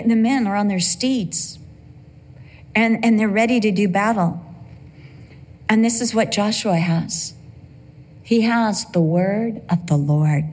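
A woman's voice: mid-range voice, slightly rough. An older woman preaching a sermon, emphatic, with humorous asides.

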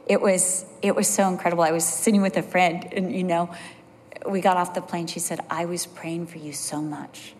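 A woman preaching a sermon, telling personal stories in an animated way and dropping to a low, soft voice for emphasis. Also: normal speed. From California. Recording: long hall reverb.

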